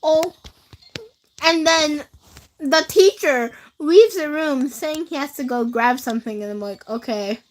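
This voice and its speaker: A teenage girl with a high-pitched, slightly slow voice livestreams on a rough recording. She tells school stories straight to her chat, rambling casually and packing in lots of fillers.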